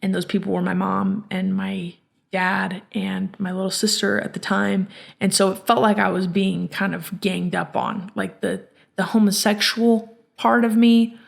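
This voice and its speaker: A woman hosting a personal storytelling podcast, speaking in a reflective, halting way with many restarts. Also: medium pitch, level tone, creaky. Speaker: podcast host.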